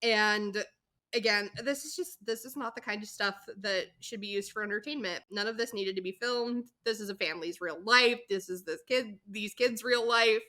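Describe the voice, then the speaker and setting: A woman with a bright, clear tone talks through a TV episode for her podcast. Her chat is casual and candid, often exasperated, with the odd swear word and laugh, and her pitch sits in an average range. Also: normal speed. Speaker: podcast co-host recapping episodes.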